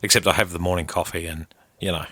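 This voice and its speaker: An Australian man co-hosting a breakfast radio show, chatty and quick to laugh, often cutting in on the others. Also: low-pitched, steady tone, bright, forceful tone, no room sound. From Queensland, Australia. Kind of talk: casual on-air banter. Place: radio studio.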